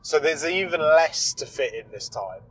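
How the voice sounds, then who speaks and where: A man's voice: a little high, lively intonation, normal speed, slight background noise, poor audio. A young man co-hosting a podcast in casual chat, rambling and searching for words, agreeable with his co-host.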